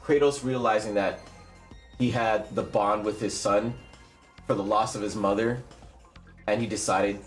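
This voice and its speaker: Low-voiced teasing man. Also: fairly even intonation, unhurried, pauses often, faint music behind. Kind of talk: casual stream chat.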